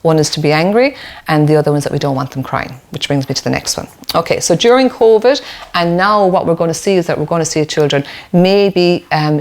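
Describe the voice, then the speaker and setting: An Irish woman, a play therapist, explaining parenting in a webinar, often checking in with "okay?". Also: deep voice. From Ireland.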